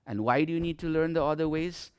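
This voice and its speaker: A man's voice: fairly high pitch, fast talker, clean tone, dry recording, studio quality. A man teaching a televised English grammar lesson, emphatic and often checking in with "okay?". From Nepal. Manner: emphatic, repeats "okay?" often, lively classroom delivery.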